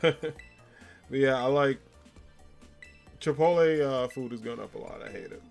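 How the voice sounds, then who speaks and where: A man with a mid-range, slightly slow, creaky voice and a darkish tone streams a video game and chats casually with viewers. He reads their comments aloud and answers them, rambling with plenty of fillers and frequent laughter. Faint game music plays in the background.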